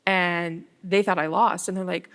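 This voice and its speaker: Animated lower-voiced woman telling a story. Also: measured pace. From Canada. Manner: animated storyteller, acts out quoted dialogue. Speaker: ward councillor, guest. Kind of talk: casual interview chat.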